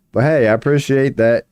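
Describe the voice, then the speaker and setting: A man live-streaming tarot readings, chatting casually and reading chat aloud, his voice going hoarse as he keeps clearing his throat. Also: mid-range voice, a little mellow, dry recording. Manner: rambling, swears casually, laughs often, reads chat aloud.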